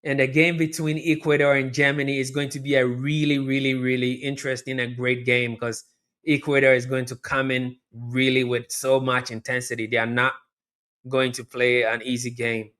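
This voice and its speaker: A man's voice: medium pitch, normal speed. A man hosting a live watch-along, chatting through the match and talking straight to his viewers. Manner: chatty, talks to viewers directly, repeats himself; erupts into loud excited shouting at near misses. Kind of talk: live match reaction commentary.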